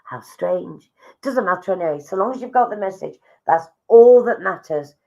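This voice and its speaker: A woman's voice: mid-range voice, expressive, moderate pace, creaky, a little mellow, muffled recording. A woman giving live psychic readings to viewers online, chatty and affectionate, relaying messages she says come from spirits.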